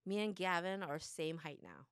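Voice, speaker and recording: A woman in her thirties co-hosting a podcast, chatting bluntly, swearing freely and acting out her family in loud bursts. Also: on the low side, sing-song, moderate pace, smooth, no room sound, studio quality. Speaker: podcast co-host. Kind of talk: casual chat.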